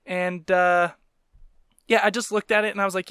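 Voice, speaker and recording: A man's voice: sits high, flat delivery, moderate pace, sharp tone, smooth, dry recording. A man hosting a podcast, who is also a stand-up comedian, rants in a casual, profane, comic way and breaks into laughing asides.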